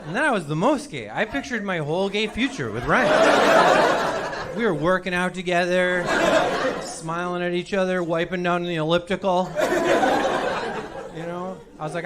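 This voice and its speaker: A man's voice: sits high, moderate pace. A man in his forties doing a self-deprecating stand-up set on a comedy club stage. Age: 40s. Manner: self-deprecating, sheepish storytelling. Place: comedy club stage before a live audience. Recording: loud laughing crowd, noisy club.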